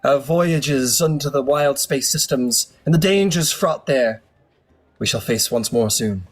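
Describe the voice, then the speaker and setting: A man's voice: medium pitch, a little slow, close to an everyday voice. A man voicing a pompous, overconfident young elf archer who speaks in grand, formal phrases.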